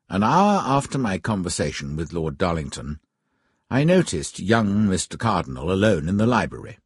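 A man narrating a story in a calm, orderly way. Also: deep voice, normal speed, husky, dry recording, studio quality.

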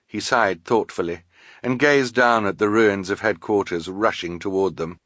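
A man narrating an audiobook with a wry, expressive reading. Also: lowish voice, normal speed, no echo, clean studio sound. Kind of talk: scripted narration.

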